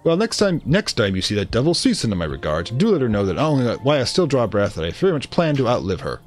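A man's voice: medium pitch, big pitch swings, fast talker, faint music behind, close to an everyday voice. A man voicing a prickly older woman who was an old rival of the aunt, speaking in a genteel, gossipy and slightly haughty way. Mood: grand.

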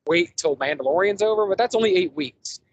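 A man's voice: high-pitched, lively intonation, brisk, highs cut off, a little hiss or hum. A man hosting a casual podcast movie review, rambling enthusiastically with lots of fillers and restarts. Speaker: podcast host.

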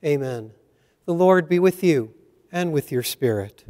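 A man with a fairly high, smooth voice leads Mass and reads scripture in a church. He speaks slowly and deliberately, each phrase measured. A long reverb trails behind his words. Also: expressive, warm tone. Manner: slow, measured liturgical delivery. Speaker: priest. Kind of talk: leading Mass and reading scripture.

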